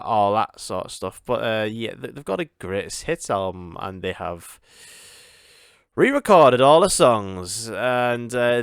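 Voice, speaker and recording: A man's voice: fairly low pitch, clean tone, dry recording, clean studio sound. A young man, hosting a solo podcast in a casual, rambling way, repeating words and laughing often. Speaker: podcast host.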